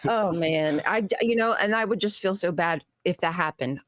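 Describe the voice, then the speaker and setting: A woman who is a guest on a talk show, telling a story in an animated, exasperated way with frequent laughs. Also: on the low side, moderate pace, dry recording. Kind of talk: casual chat.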